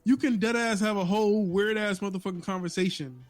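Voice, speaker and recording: A man's voice: high-pitched, a little fast. A man with a New York accent co-hosting a casual podcast, talking loosely with lots of restarts, cursing and laughing. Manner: loose, profane, laughing storyteller with many restarts. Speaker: podcast co-host.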